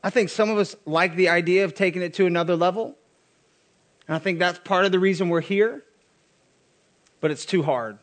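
Pastor, male, very high voice, chatty sermon with wry asides. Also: fairly quick, long pauses. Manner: casual, joking asides.

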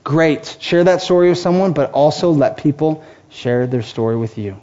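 A man's voice: on the high side, animated, normal speed, few pauses, dark tone, dull audio. A male pastor preaching a sermon with passion, acting out the voices of the people he quotes. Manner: impassioned, acts out quoted voices.

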